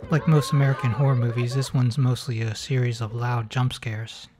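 A man's voice: mid-range voice, flat delivery, normal speed, background noise. A man hosting a comedic movie commentary, mocking the film in a sarcastic tone. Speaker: host.

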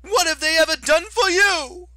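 A man voicing a shrill, arrogant young male augur who shrieks frantically. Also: normal speed, bright, forceful tone, exaggerated voice. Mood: shrieking fury.

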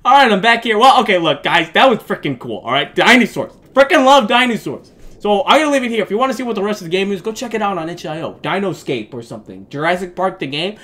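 Animated, bright-voiced male gaming host. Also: high-pitched, quick pace, soft background music. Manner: excitable, jokey, bursts into shrieks and laughter. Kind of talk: let's play commentary.

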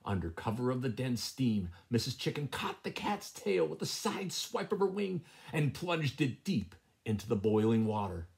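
A man reading a fairy tale aloud as a bedtime story, in an expressive, sing-song way. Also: medium pitch, normal speed, gravelly.

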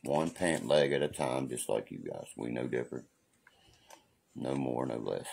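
A man's voice: very deep voice, moderate pace, creaky, darkish tone, husky. A man hosting a casual livestream rant, profane, defiant and preachy, who keeps asking "you know what I mean". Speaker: livestream host.

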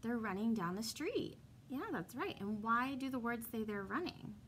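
Young woman teacher doing a story read-aloud for little kids, bright clear voice, kinda high, asks questions then answers them herself, faint hum in the room. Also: lively intonation, moderate pace. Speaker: kindergarten teacher.

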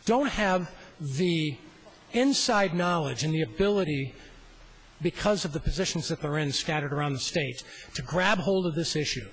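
A man's voice: fairly high pitch, lively intonation, normal speed, a bit bright, husky, rough recording. A middle-aged man, a state senator, giving a floor speech in a legislative chamber at a floor microphone, telling a rambling, self-deprecating story.

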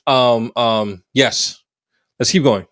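A man hosting a reaction video, commenting in a slangy, animated way with loud exclamations. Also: mid-range voice, slow, no echo, clean studio sound.

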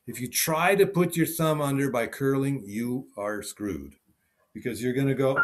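A man teaching a piano lesson over a video call, thinking aloud and repeating short phrases as he demonstrates. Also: medium pitch. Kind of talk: online teaching session.

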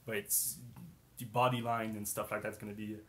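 A man's voice: lowish voice, flat delivery, normal speed, pushed and bright. A man hosting a casual live-stream discussion, talking hesitantly with many fillers and restarts, his voice strained as he loses it. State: losing his voice, clearing his throat. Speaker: host.

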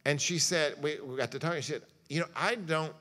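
Bright-voiced man giving a folksy church lecture. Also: a little high, brisk. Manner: folksy storytelling with jokes and acted-out quotes. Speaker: pastor and guest lecturer. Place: church hall.

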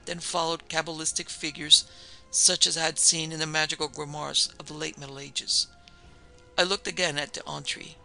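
A man narrating a ghost story in a measured, even storytelling delivery. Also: a little high, gravelly, soft background music, rough recording. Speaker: narrator and producer.

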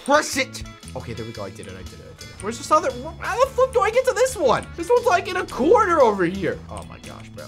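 A young man giving excited, jokey gameplay commentary as a YouTuber, often shouting when things go wrong. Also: medium pitch. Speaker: gaming YouTuber.

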